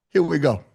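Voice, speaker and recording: A man teaching a live online speaking workshop, with lively, colloquial, high-energy delivery, calling on attendees by name. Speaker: speaking coach.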